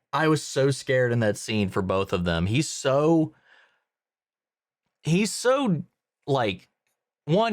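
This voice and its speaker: A man giving casual, emphatic reaction commentary on a show episode, swearing freely and calling the viewer "man". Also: mid-range voice.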